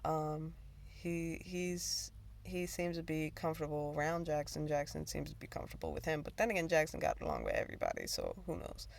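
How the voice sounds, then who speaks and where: A woman's voice: low-pitched, big pitch swings, brisk, vocal fry. A woman hosting her own talk show, telling a personal story in a rambling, profane way with bursts of laughter. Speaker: podcast host. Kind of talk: casual storytelling.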